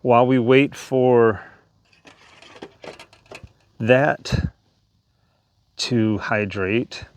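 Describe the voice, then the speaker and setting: A man's voice: medium pitch, very slow, long pauses. A man vlogging on a hike outdoors, chatting casually while he shows off his gear. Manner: relaxed, chatty, demonstrating gear. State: breathing hard. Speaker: hiking vlogger. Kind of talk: casual outdoor vlog narration. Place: outdoors by a lake in the woods.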